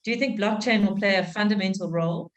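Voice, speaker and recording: A woman's voice: medium pitch, fast talker, low-quality recording. A woman from South Africa moderating a webinar over a video call, reading out audience questions.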